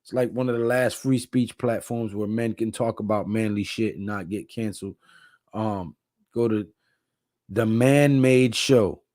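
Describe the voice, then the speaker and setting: A man's voice: fairly low pitch, fairly even intonation, normal speed, a little mellow, no echo, studio quality. A tired man hosting a casual live stream, reading viewer comments aloud and chatting in a laid-back way. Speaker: livestream host.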